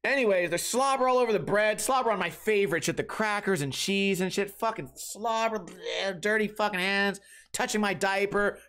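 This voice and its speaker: A man hosting a comedy podcast, telling rambling, profane stories in a casual, animated way. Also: sits high, a little fast, clear, resonant tone. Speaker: podcast host.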